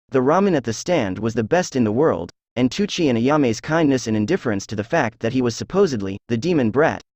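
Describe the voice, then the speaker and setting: A man reading fan fiction aloud as narrator, in a steady, even storytelling voice. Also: medium pitch, dry recording, dull audio.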